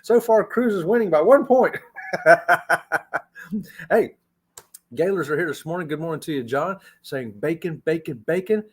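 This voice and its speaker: Broadcasting a casual travel livestream from a hotel room, this Florida man chats away, laughs a lot and addresses viewers as y'all. His voice is fairly high, husky and a little mellow, at normal speed with long pauses.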